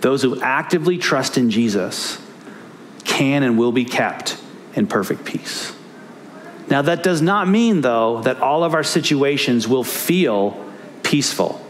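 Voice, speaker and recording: A man's voice: medium pitch, a little hiss or hum. A man preaching a sermon as pastor, earnest and emphatic, repeating key phrases for weight.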